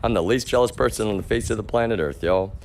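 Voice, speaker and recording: A man's voice: fairly low pitch, fast talker, slight background noise. A man livestreaming an agitated, repetitive rant to his chat, swearing often and calling his listeners y'all. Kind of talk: ranting monologue to a live chat.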